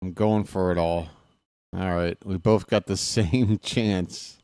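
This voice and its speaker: A man hosting a live stream, trash-talking his opponents in a dice game, swinging from muttering to excited yelling. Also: deep voice, takes it slowly, clean tone, no echo, clean studio sound. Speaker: streamer and play-by-play host. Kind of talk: casual live-stream commentary while playing a dice game.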